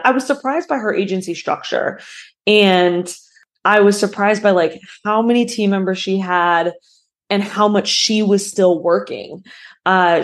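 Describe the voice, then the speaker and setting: A woman hosting a podcast in a casual, rambling way, emotional and full of "like". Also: medium pitch. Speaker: podcast host.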